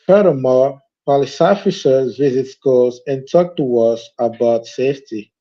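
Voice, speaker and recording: A man's voice: mid-range voice, dark tone. Hesitant male learner on a muffled call. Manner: hesitant, halting with fillers. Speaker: student. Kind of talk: casual chat in a live lesson. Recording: muffled online call audio.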